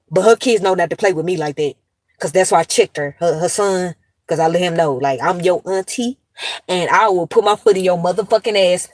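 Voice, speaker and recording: A woman's voice: on the low side, no echo. Blunt, cursing woman vlogger ranting. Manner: blunt, heavy cursing, animated storytelling. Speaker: commentary vlogger, mother of two. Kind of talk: casual commentary rant to viewers.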